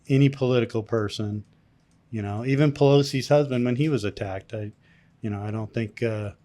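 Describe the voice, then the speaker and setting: A man's voice: medium pitch, brisk, warm tone. A man co-hosting a podcast, rambling through his points with many restarts. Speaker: podcast co-host. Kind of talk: casual chat.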